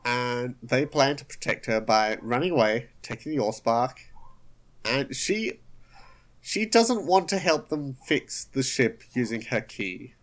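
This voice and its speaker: Casual podcast co-host who tells the plot; animated, lively pitch. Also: a little slow. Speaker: podcast co-host recapping episodes. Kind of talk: casual recap.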